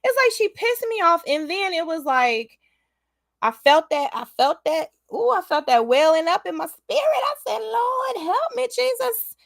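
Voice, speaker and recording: Animated woman with a high, lively voice. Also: normal speed, dry recording, studio quality. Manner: animated, laughs often, talks straight to her audience. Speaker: vlogger. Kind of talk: casual storytelling to viewers.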